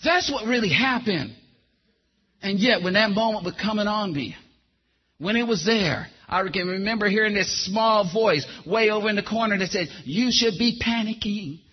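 A man's voice: sits high, expressive, moderate pace, slightly rough, muffled recording. A man preaching a sermon and giving a testimony, calling listeners by name and asking them questions.

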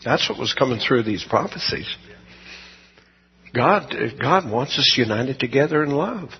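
Gravelly, husky-voiced pastor closing a service. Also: male voice, mid-range voice, lively intonation, in a large hall, lo-fi sound. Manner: earnest, folksy, slows down for emphasis. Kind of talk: sermon closing and prayer.

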